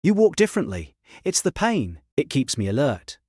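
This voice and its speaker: A man voicing a small, blunt young woman doctor in a brisk, commanding way in a read-aloud story. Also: medium pitch, wildly swooping pitch, darkish tone, breathy edge, no echo, studio quality, voice pushed up. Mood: wry.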